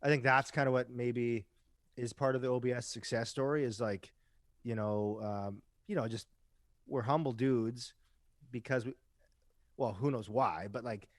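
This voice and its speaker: A man's voice: mid-range voice, fairly even intonation, normal speed, no echo. Chatty rock musician man, dry sound. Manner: chatty storyteller who keeps asking "right?"; swears casually. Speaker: podcast guest, rock musician. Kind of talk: casual chat.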